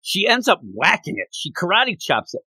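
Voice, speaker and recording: An animated man co-hosting a casual chat and retelling comic scenes with a laugh. His bright voice swoops up and down in pitch. The sound is close and dry. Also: normal speed, slightly rough, no room sound. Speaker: co-host recapping a comic.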